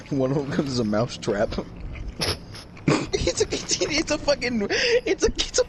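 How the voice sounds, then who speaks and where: A man's voice: sits high, huge pitch swings, unhurried, noisy background. A young man joking around in late-night casual chat, chiming in with crude punchlines. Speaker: friend in the chat.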